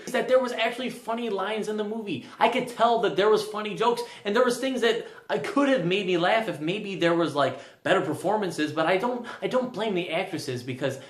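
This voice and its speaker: A man's voice: high-pitched, brisk, few pauses, echoey room. A young man giving a casual spoken movie review, rambling and often stammering over restarts.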